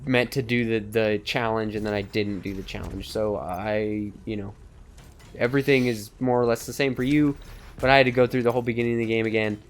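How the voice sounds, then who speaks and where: A man's voice: lowish voice, fairly even intonation, brisk, a little hiss or hum. A young man co-hosting a let's play, rambling in casual gaming banter, swearing and laughing often.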